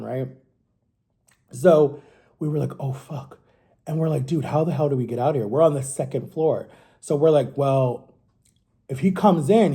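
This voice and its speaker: A man's voice: on the high side, mellow. A man in his thirties telling a story in a loose, rambling way, swearing often and asking "right?" again and again. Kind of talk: casual storytime.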